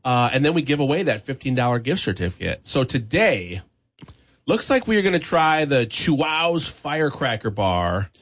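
A man hosts a morning radio show in an upbeat, chatty way. He laughs easily between lines. His voice sits at an ordinary middle pitch. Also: big pitch swings, normal speed. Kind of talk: casual radio banter. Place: radio studio.

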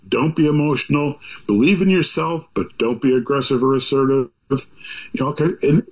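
A man's voice: fairly high pitch, rough recording. An older man, an author, talking in a rambling, folksy, reflective way full of asides and restarts. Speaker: author talking about his book. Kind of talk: reflective conversational monologue.

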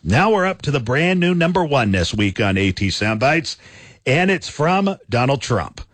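A man's voice: mid-range voice, big pitch swings, normal speed, fairly bright tone, no room sound. A man hosting a scripted radio countdown of soundbites in a punchy announcer style.

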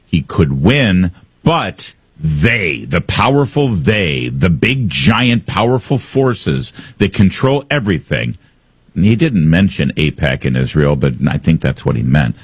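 A man's voice: low voice, sing-song, unhurried, breathy edge, dry recording. A male talk radio host giving opinionated political commentary in a sarcastic, combative way.

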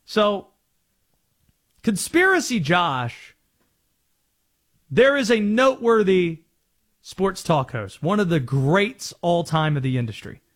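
A man's voice: sits high, lively intonation, a little slow. A man from North Carolina hosting sports talk radio, chatty and self-aware as he explains his on-air bits.

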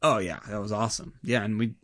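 A man's voice: on the low side, fairly even intonation, fast, a bit bright, no echo, clean studio sound. A man who is a pastor, talking casually and earnestly about his church's outreach, with many fillers like "like" and "I mean". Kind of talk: casual conversation.

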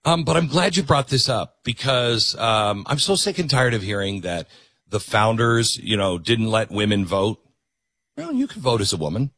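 A man hosting a political commentary show, sarcastic and animated. His husky voice swings widely in pitch. The sound is close and dry. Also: moderate pace, no echo. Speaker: host.

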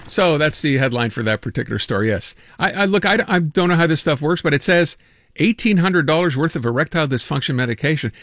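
A man's voice: on the high side, lively intonation, fast, fairly bright tone, dry recording, studio quality. A man hosting a radio show, chatting casually and joking about news stories, stumbling over words now and then. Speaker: radio host. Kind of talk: casual talk radio banter.

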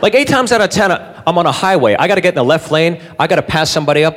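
A man's voice: a little high, animated, quick pace, a bit bright. A man doing provocative stand-up, swearing and asking the crowd questions. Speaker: stand-up comedian. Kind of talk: stand-up comedy. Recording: live club with audience and noise.

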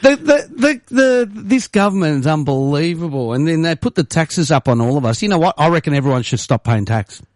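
Rambling, animated man, dry sound. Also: fairly high pitch, fairly quick, few pauses, no echo. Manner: animated, rambling, jokey ranting with bursts of loud mock voices. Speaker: podcast co-host. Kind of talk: casual chat.

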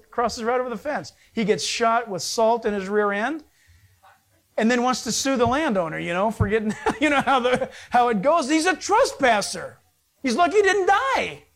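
A male pastor preaching a sermon, animated, voice rising with emphasis and dropping low and quiet at phrase ends. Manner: animated preaching, pitch swings up and down.

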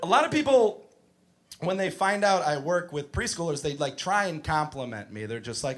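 A man doing a stand-up comedy set, telling profane, animated stories about teaching preschool. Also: fairly high pitch, moderate pace.

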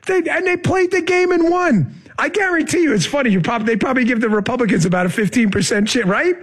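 A man's voice: very high-pitched, quick pace, husky. A middle-aged man hosting a political podcast, urging listeners in an emphatic monologue. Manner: urgent, emphatic, addresses listeners as folks. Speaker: podcast host.

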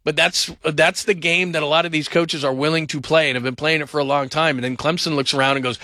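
High bright sports radio guy rambling about football, dry studio sound. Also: fast, hardly any pauses, no echo. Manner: animated, rambling, conversational.

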